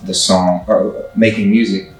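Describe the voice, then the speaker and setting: A man's voice: fairly low pitch, little pitch movement, measured pace, a little hiss or hum. A man telling stories as an interview guest in a laid-back, slangy way, swearing casually. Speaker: photographer and musician guest. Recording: echoey room, far from mic, faint music.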